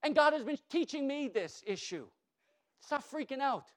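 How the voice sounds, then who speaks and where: A high-voiced male pastor preaching a sermon with emphatic calls to the congregation. He stammers and repeats words as he builds, then sinks into soft, hushed reassurances. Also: expressive, normal speed.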